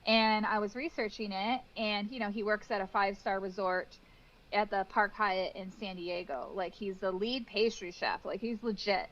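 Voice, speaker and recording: Animated woman telling stories, lo-fi sound. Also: mid-range voice, moderate pace. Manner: animated storytelling with acted-out quotes and laughs. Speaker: guest cake decorator. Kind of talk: casual interview chat.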